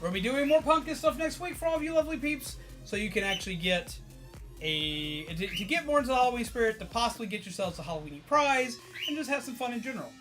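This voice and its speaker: A high, bright male voice chats quickly with his stream audience, excitable yet a bit tired. He swears freely and bursts into laughter as he rambles, with faint music humming in the background.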